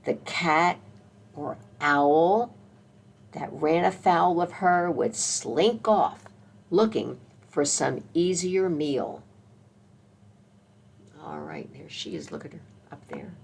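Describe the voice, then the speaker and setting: A woman librarian leading a children's story time, reading aloud slowly and gently, coaxing the kids to join in. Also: sits low, big pitch swings, vocal fry.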